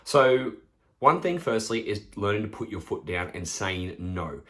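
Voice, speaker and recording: Blunt, swearing trainer, low voice. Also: male voice, lively intonation, a little slow, pushed and bright. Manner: blunt, swears freely, acts out friends' lines. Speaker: podcast host and personal trainer. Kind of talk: casual solo podcast monologue.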